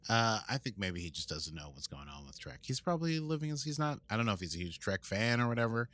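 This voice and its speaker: A man's voice: fairly low pitch, very animated, quick pace, fairly bright tone, dry recording. An American man co-hosting a podcast in casual chat, playful and fond of silly voices. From United States. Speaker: podcast co-host.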